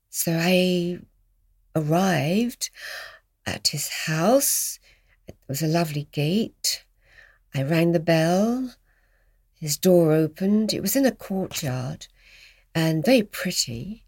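An older woman from England, a guest telling stories of her past in a gently animated, reminiscing way. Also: lowish voice, takes it slowly, long pauses, husky, no echo, clean studio sound. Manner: reminiscing, gently animated, dips into soft whispers. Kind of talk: storytelling in an interview.

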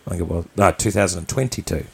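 A man's voice: low voice, fast, gravelly, breathy edge. A man from New Zealand, co-hosting a podcast, telling a personal story in a candid, blunt, rambling way. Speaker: podcast co-host.

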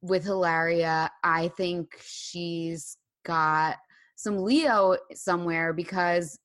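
A woman co-hosting a podcast in casual chat, wry and gossipy with quick asides. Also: fairly low pitch, steady tone, a bit bright. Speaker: podcast co-host.

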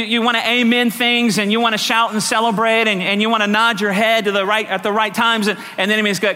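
Bright-voiced preacher in an echoing church. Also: male voice, high-pitched, little pitch movement, fast, few pauses. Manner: preaching with repeated call-outs for amen. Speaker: pastor. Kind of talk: sermon. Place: church sanctuary. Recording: echoey church hall.

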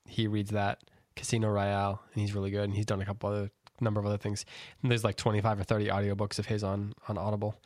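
A man's voice: lowish voice, monotone, fast, few pauses, darkish tone, no room sound. Man co-hosting a dry, close-miked book chat. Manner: steers the talk, conversational, brief interjections. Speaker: podcast co-host leading the episode. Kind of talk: casual book-discussion chat.

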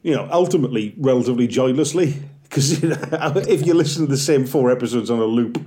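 A Welsh comedian of about forty talks fast in a medium-pitched voice as a guest on a casual podcast. He tells lively, self-deprecating stories and keeps slipping into little bits.

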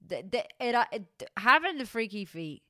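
A woman's voice: a little high, very animated, moderate pace, pushed and bright, dry recording, clean studio sound. An Irish woman co-hosting a podcast, chatting casually, giggling and bantering back. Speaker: podcast co-host. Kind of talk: casual chat.

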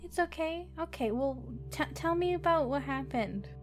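A tiny, gentle woman playing good cop, as a player puts her on, coaxing softly and reassuring. Her voice is fairly high. Faint music plays behind. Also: animated, moderate pace. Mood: soothing.

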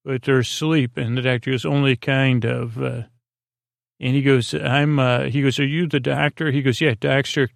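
A man hosting a sleep podcast, retelling an episode in a meandering, hesitant way with many pauses and restarts. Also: mid-range voice, gravelly, dry recording, studio quality. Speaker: podcast host.

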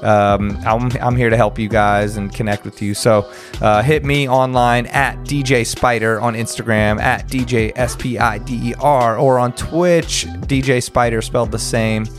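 Faint music sits behind this American podcast host from the United States, whose mid-range voice moves at normal speed with fairly even intonation. He keeps the interview casual, laid-back and full of slang, laughing frequently.

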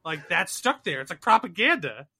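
A man's voice: high voice, very animated, normal speed, pushed and bright, breathy edge. A man in his thirties co-hosting a podcast, chatting casually in a rambling, jokey way and laughing often. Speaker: podcast co-host. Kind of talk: casual chat.

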